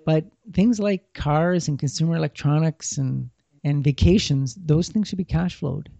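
Man, finance guest, gravelly and very dark, slightly raised pitch, dull lo-fi audio. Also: moderate pace, no echo. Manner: plainspoken, repeats words while thinking. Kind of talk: casual advice talk. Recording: dull lo-fi sound.

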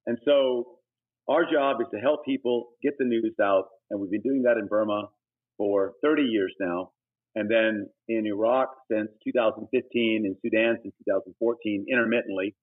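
A middle-aged man, a missionary guest, giving an earnest, preachy personal testimony that breaks into sudden emphatic high bursts. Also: normal speed, husky. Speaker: guest, humanitarian missionary leader. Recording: tinny phone-like audio.

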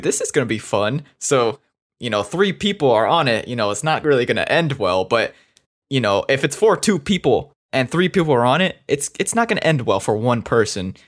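A young man co-hosting a podcast, telling a story in casual chat, rambling with lots of fillers. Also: mid-range voice. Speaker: podcast co-host.

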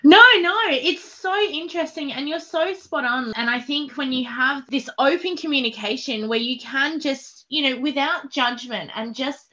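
A woman host with a high, bright voice speaks with effusive, encouraging enthusiasm. The recording sounds slightly dull and lo-fi. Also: normal speed, hardly any pauses. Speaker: podcast host, self-love practitioner. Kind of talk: warm interview chat.

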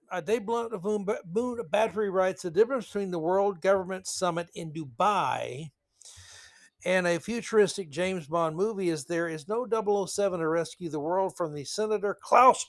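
Mocking male podcast host, slightly high voice. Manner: sarcastic, mocking, rambling asides. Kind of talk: solo commentary podcast.

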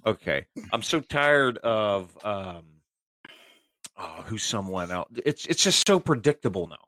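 A man co-hosting a podcast in casual chat, animated and rambling, often stumbling and repeating his words. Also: fairly low pitch, unhurried, dry recording. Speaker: podcast co-host.

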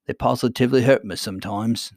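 A man's voice: medium pitch, fast, gravelly, darkish tone, no echo, studio quality, lightly acted. A man voicing a pompous, henpecked goblin king who speaks with dignity. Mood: dignified. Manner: dignified yet pleading.

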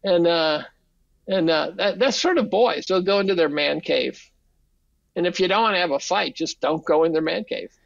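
A man's voice: on the high side, moderate pace, creaky, dry recording, dull audio. An older man, a podcast guest, telling casual stories, swearing freely and acting out quotes. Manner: animated, profane, acts out quotes. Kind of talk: casual storytelling.

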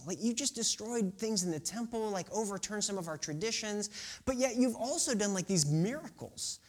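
A man's voice: high-pitched, animated, normal speed, a little mellow. A man in his thirties preaching a sermon in a conversational way, with asides and rhetorical questions. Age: 30s. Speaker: pastor.

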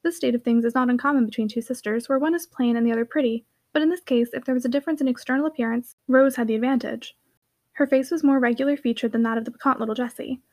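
A woman narrating a classic novel as an audiobook reader, in a brisk, clear reading. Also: on the high side, darkish tone. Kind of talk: scripted narration.

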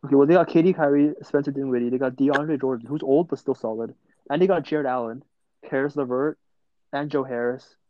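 A young man talks loosely with friends over a call, stringing thoughts together with constant "like" and "bro". His voice sits at a middling pitch. The dry, muffled call audio has little room sound. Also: a little fast, no room sound. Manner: rambling, fillers like "bro" and "like". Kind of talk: casual chat about basketball. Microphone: headphones on a call.

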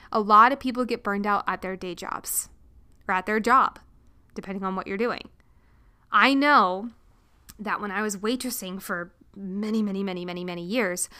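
A young woman hosting a podcast, giving an animated motivational talk, acting out stressed inner voices and swearing casually. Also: mid-range voice, clean tone. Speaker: podcast host.

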